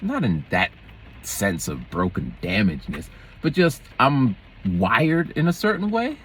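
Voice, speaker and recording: A man's voice: on the low side, huge pitch swings, unhurried, a bit bright, a little hiss or hum. A man, a schoolteacher, chatting casually to camera and telling rambling stories that jump from topic to topic. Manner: rambling, digressive, jumps between topics. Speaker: schoolteacher and vlogger. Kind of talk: casual vlog storytelling.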